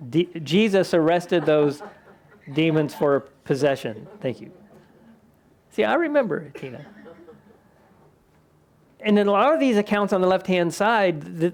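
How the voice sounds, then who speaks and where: Gravelly-voiced pastor preaching a sermon. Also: male voice, sits high. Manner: conversational, animated when quoting scripture voices. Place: church sanctuary.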